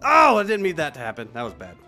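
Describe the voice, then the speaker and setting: Excitable high-voiced man streaming a game. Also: fast talker, faint music behind. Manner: excitable, laughing often, swings between loud shouts and low mutters. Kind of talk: live gameplay commentary.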